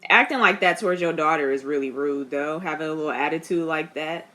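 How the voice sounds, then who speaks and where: A young woman reacting to a TV series in a casual, chatty way. She talks straight at the screen and laughs often. Her voice is a little low in pitch but bright and forceful. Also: brisk. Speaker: reaction vlogger.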